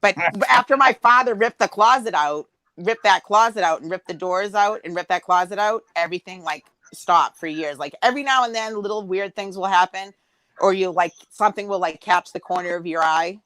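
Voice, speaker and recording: A woman's voice: medium pitch, brisk, a bit bright, no echo, rough recording. A woman in her forties telling a long personal story in casual chat, rambling with many fillers and acting out quotes. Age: 40s.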